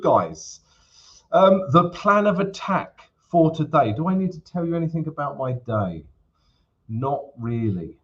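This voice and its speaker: Male stream host, relaxed chat full of fillers, mid pitch, muffled webcam-mic sound. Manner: chatty, many fillers, addresses viewers as guys. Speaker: forex trading livestream host. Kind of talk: casual live-stream chat. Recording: slightly dull lo-fi stream audio.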